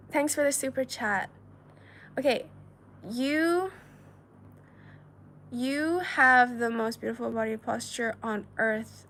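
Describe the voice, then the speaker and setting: A woman's voice: fairly high pitch, fairly bright tone, slight background noise. Chatty giggly woman reading live chat. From China. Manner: chatty and giggly, many filler words. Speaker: livestream host. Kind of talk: casual livestream chat reading viewer messages.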